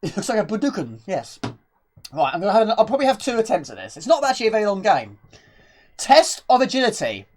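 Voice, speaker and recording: A woman's voice: mid-range voice, very animated, fast talker, a little mellow. A woman streaming retro games live, chatting with viewers and reading game text aloud.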